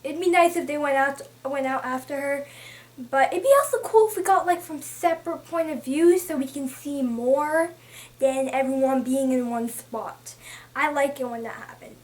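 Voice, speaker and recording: A young woman talking casually about a book she read, chatty and excitable, often restarting her sentences as she thinks aloud. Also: high voice, normal speed. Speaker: book vlogger.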